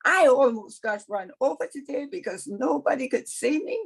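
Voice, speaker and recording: A woman's voice: high-pitched, lively intonation, moderate pace, gravelly, husky, pitched above the performer's own voice, heavily acted, poor audio. A woman storyteller voicing an angry female snake scolding her husband in a folktale. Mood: ranting. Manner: ranting, scolding. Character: fed-up female snake wife, ranting and bossy.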